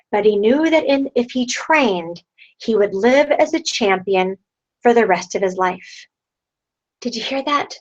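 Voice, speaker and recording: A woman in her thirties leading her sales team over a video call, rousing them with repeated rhetorical questions. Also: on the high side. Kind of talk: motivational pep talk. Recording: dull lo-fi online video call.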